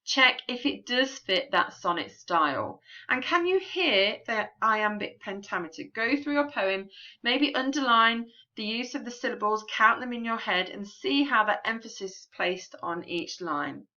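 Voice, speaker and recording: A woman teacher explaining a poem in a recorded remote lesson, patient and clear, with frequent ums. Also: fairly high pitch, lively intonation, a little slow, bright, forceful tone, muffled recording.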